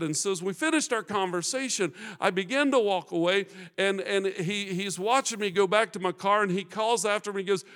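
A male pastor preaching a sermon. He tells stories quietly and builds to loud, fervent passages. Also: normal speed, few pauses. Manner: rises to fervent loud preaching, drops low for storytelling. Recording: long hall reverb.

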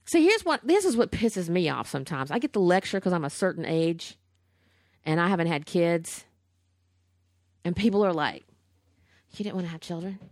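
A woman co-hosting a podcast in casual chat, blunt, profane and animated. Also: fairly low pitch, normal speed, pauses often, dry recording, studio quality. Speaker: podcast co-host.

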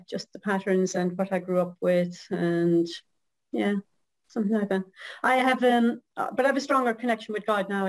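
Woman, middle-aged, measured poetry reading, casual guest chat. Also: mid-range voice, poor audio. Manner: slow, measured recitation. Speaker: guest reading her own poem.

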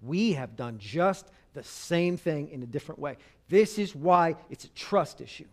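Man, sermon, fairly high pitch, dynamic, loud-to-hushed delivery. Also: animated, measured pace. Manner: dynamic, swings from loud emphasis to hushed intimate tones. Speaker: preacher. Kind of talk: sermon on marriage.

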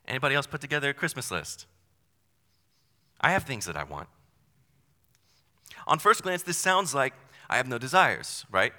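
A man's voice: mid-range voice, very animated, moderate pace, long pauses, bright, forceful tone. A young man preaching a sermon in a casual, conversational way, with self-deprecating asides. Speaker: pastor. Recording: long hall reverb.

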